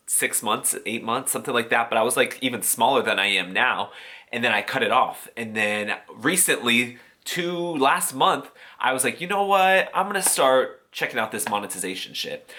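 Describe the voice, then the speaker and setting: A man's voice: mid-range voice, sharp tone. A man talking in a casual, sassy, profane vlog style, explaining how he gets paid and acting out quoted voices. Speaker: YouTuber.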